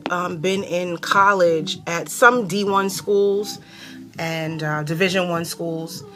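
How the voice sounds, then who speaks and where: A young adult woman from New York hosting her own casual talk show, animated and sassy, cursing freely and laughing often. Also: fairly low pitch, takes it slowly, soft background music. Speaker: host.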